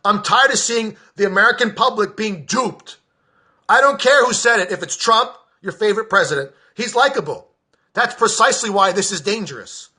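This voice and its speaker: A man delivering a furious political rant to camera, with a high, forceful voice that keeps breaking into shouts. His talk is blunt and profane, and he hammers his points as a podcaster addressing his own audience. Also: lively intonation, moderate pace.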